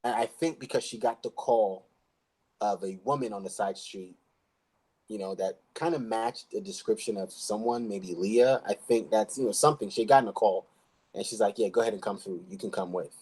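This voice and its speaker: A man's voice: lowish voice, normal speed, warm tone, slightly rough, rough recording. A man co-hosting a podcast, casually recapping a TV episode in a rambling way and acting out the characters' lines. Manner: rambling retelling with acted-out quotes. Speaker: podcast co-host. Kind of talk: casual show recap chat.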